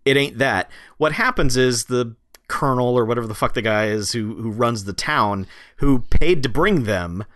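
A man's voice: medium pitch, normal speed, fairly bright tone, no room sound, clean studio sound. Wry man picking apart a movie. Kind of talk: casual film review chat.

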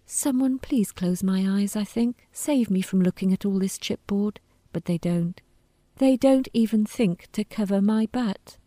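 A woman reading a first-person story aloud in a quiet, wry, deadpan manner. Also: mid-range voice, a little slow, no room sound. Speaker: narrator.

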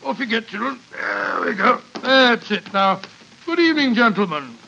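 An actor playing a kindly, bluff middle-aged doctor in a 1940s radio drama. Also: male voice, sits high, expressive, normal speed, vocal fry, bright, forceful tone, a little hiss or hum, exaggerated voice. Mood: genial. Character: Doctor Watson, genial middle-aged man playing Santa. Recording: dull old radio broadcast.

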